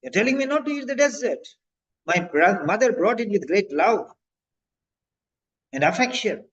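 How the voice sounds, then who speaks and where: Brief: man doing an indignant hungry patient, pitched way up, whiny demands, dull lo-fi sound. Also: sing-song, moderate pace, a bit bright. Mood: indignant pleading. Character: angry hungry adult male patient, demanding. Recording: dull lo-fi audio.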